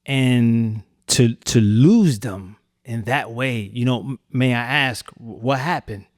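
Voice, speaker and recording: A male podcast host asks his questions gently and carefully, with a consoling manner. His voice sits at a middle pitch, and it is recorded close and dry. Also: slow pace, no room sound. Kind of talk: interview questions.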